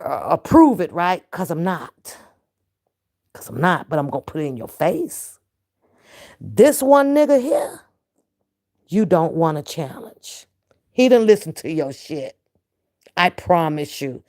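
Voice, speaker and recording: A woman with a mellow, low-ish voice rants straight at her viewers in a casual vlog. A reaction vlogger, she talks to camera profanely and laughs often.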